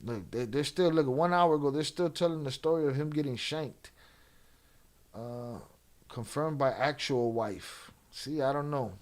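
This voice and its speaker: Speaking a little slowly in a mid-range voice, a male host hangs out with his livestream audience. He teases them with casual, profane back-and-forth.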